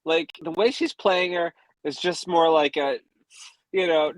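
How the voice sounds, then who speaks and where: A man's voice: a little high, measured pace, no echo, rough recording. Chatty man, dry close sound. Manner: enthusiastic, laughs often. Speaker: podcast co-host. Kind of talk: casual fan discussion.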